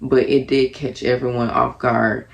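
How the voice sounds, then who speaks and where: Low gravelly woman chatting casually. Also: little pitch movement, measured pace, highs cut off. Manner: chatty, earnest, lots of fillers. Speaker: TV reality show reviewer. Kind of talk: casual reaction commentary.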